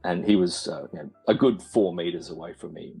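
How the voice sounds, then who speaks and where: A man's voice: low voice, fairly quick, gravelly, mellow, slightly rough, soft background music, rough recording. A man calling in and telling a long story, often repeating words and giving wry laughs. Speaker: caller. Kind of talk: casual storytelling on a call.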